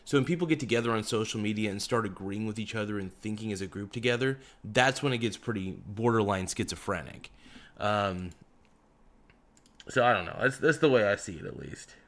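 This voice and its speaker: A man's voice: lowish voice, a little fast, a bit bright. A young man hosting a casual livestream, reading out chat comments with joking, teasing banter. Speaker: livestream host.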